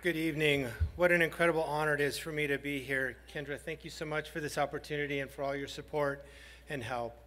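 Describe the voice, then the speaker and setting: A man, a high school principal, giving a heartfelt banquet speech and telling a story with some halting pauses. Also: fairly even intonation, fairly bright tone, a little hiss or hum. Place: large banquet hall. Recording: hall reverb.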